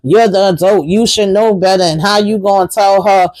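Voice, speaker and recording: A woman hosting a casual TV episode recap, talking in an animated, sassy way and swearing offhandedly. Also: medium pitch, normal speed, no room sound, rough recording.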